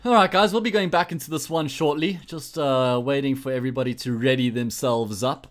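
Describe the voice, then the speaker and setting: Mid-range in pitch and a little fast, this South African man casts esports by himself on a livestream, bantering with viewers between matches in a jokey, rambling way and frequently starting over.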